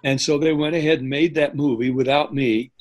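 Older guy spinning a story in an interview, mid pitch, keeps correcting himself. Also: fairly quick, poor audio. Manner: lively anecdotal telling with self-corrections. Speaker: guest.

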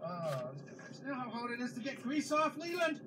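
High-voiced exasperated woman vlogging. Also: very animated, normal speed, background noise. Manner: exasperated, scolding outbursts. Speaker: family vlogger. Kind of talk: casual vlog chat. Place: inside a van.

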